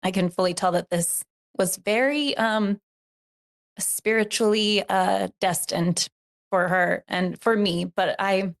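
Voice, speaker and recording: A woman's voice: medium pitch, slow. A woman telling a story in a casual interview, earnest and reflective, with many fillers. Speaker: podcast co-host, guest.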